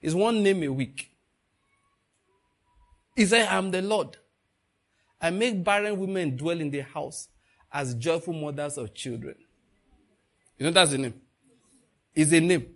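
A middle-aged male preacher giving a sermon, swinging between hushed emphasis and loud bursts, laughing often. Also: a little high, unhurried, pauses often.

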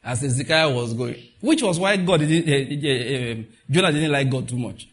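A man's voice: mid-range voice, animated, normal speed. A male pastor giving a sermon in a loose, conversational way, laughing as he retells stories and acting out the voices he quotes.

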